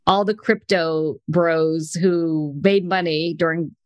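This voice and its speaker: A woman co-hosting a casual podcast who keeps the talk moving with quick interjections and questions. Her voice sits a little low. The recording is dry and close. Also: steady tone, darkish tone, no echo, dull audio. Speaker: podcast co-host.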